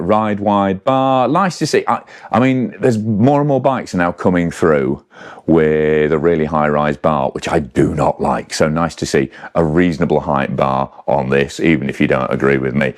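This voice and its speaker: A man casually talking through a bike's specs to camera, chatty and rambling, with self-corrections and asides. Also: low-pitched. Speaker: bike reviewer. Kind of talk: casual spec walkthrough to camera.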